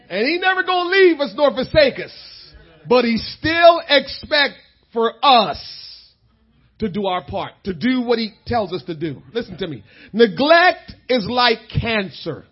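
High-voiced husky preacher man, shouting. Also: sing-song, measured pace, dull audio. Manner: preaches with shouted bursts and laughing asides. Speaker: pastor. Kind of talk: sermon.

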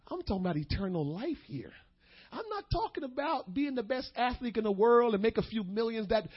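A man preaching a sermon, shifting between quick asides, slow emphatic phrases and bursts of shouting. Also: high voice, breathy edge, highs cut off. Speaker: pastor.

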